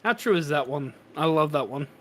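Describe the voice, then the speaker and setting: A man's voice: on the high side, animated, fairly quick, fairly bright tone. A man hosting a live stream, chatting casually and exasperated while he fixes broken chat commands. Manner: chatty, exasperated, laughing at tech troubles. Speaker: streamer host.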